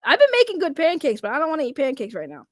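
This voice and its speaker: High-voiced sarcastic streamer woman. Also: wildly swooping pitch, racing, no echo, clean studio sound. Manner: rambling, sarcastic, frequent restarts and laughs. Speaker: commentary streamer. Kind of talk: casual live-stream commentary.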